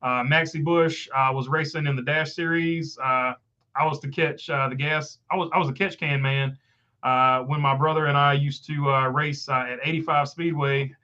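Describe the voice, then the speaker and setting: A man with a Southern country accent, speaking at a moderate pace in a fairly high voice with fairly even intonation, hosts a casual live stream and reads comments from viewers. His tone is pushed and bright, he rambles with frequent "uh"s, and the recording has its highs cut off.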